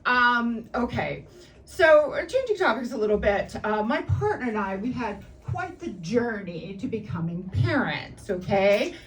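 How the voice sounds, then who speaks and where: A woman performing a stand-up comedy set on a club stage, brash and animated, often laughing at her own jokes. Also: fairly high pitch, unhurried. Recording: distant mic with noisy room.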